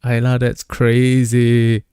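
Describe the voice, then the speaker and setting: A man's voice: medium pitch, completely flat delivery, takes it slowly, dark tone, clean tone, dry recording, studio quality. A man streaming a game, chatting casually with his chat and joking around. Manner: joking, laughs often, reads chat aloud.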